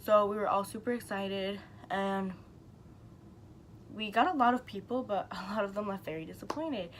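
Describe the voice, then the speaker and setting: A woman's voice: medium pitch, moderate pace, slight background noise, low-quality recording. A young woman chatting casually to her camera, telling a rambling story full of "like" and the odd swear.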